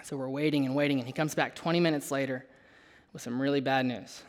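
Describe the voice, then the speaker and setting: A young adult man preaching a sermon, telling a personal story in a conversational, animated way with asides to the listeners. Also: medium pitch, quick pace.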